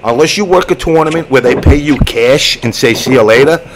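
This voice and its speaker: Brisk and mid-range in pitch, this man hosts a casual online show, spinning a lengthy tale laced with profanity and voiced characters. Background noise is noticeable throughout.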